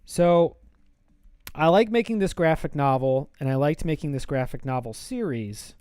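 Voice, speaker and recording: Chatty male streamer sketching live. He wanders between thoughts playfully, with a smooth, dry, close sound. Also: a little high, lively intonation, normal speed, a little mellow, no room sound. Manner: rambling, playful, thinks aloud. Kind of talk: casual live-stream chat while drawing.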